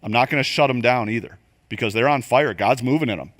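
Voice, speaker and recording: An older man teaches a room of church group leaders in a loose, conversational way. He is animated and keeps slipping into quick acted voices and asides to make his points. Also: mid-range voice. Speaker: leadership coach. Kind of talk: church training talk. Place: church venue.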